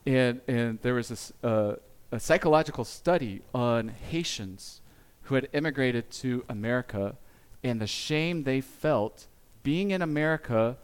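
A man giving a sermon as pastor, speaking earnestly and confessionally, with pauses and small restarts. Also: mid-range voice, clear, resonant tone.

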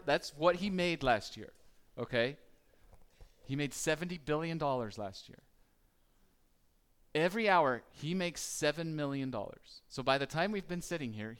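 A man's voice: medium pitch, fairly bright tone. A man preaching a conversational sermon, asking the listeners questions and acting out their worries. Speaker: pastor.

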